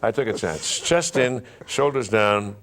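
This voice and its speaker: Animated man demonstrating voice exercises. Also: lowish voice, a little slow, a crowd in the background. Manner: animated storyteller who demonstrates vocal exercises aloud. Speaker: interview guest, stage performer. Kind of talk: conversational interview.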